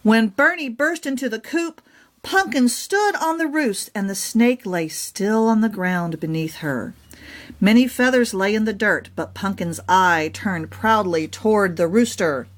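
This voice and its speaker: A woman reading her own children's picture book aloud in an expressive storytelling manner. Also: medium pitch, unhurried.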